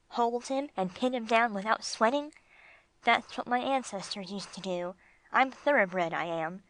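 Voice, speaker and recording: A woman voicing a gruff, streetwise male bulldog with slangy tough-guy talk, read for an audiobook. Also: medium pitch, a bit bright, natural voice, rough recording.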